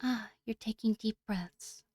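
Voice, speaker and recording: A woman voicing a gentle, teasing senpai girl. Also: a little high, measured pace, dry recording, clean studio sound, voice pushed up. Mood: calm teasing.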